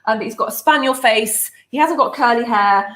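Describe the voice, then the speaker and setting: A woman's voice: fairly high pitch, a little fast, a bit bright. A woman hosting a casual live stream, bubbly and chatty with lots of fillers. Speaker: host of a nutrition membership livestream.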